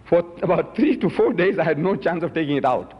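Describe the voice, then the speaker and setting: High-voiced man lecturing emphatically. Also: expressive, fairly quick. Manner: emphatic, rhetorical questions, holds up items. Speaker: Muslim lecturer. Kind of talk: public lecture to an audience. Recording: dull recording in a reverberant hall.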